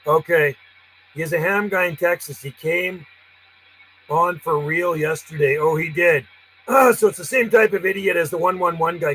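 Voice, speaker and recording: Casting: man, high voice, chatty and blunt radio operator calling on the band. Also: normal speed, sharp tone, a little hiss or hum. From Canada. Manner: chatty, blunt, clears throat often. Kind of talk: casual radio chat and calling.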